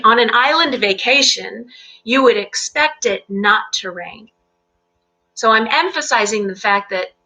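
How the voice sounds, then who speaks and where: Lady teaching english live from home, bright voice, patient and clear, says um a lot. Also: medium pitch, poor audio. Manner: clear, patient explaining with fillers and laughs. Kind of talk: live-streamed English lesson. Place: home in Central Virginia.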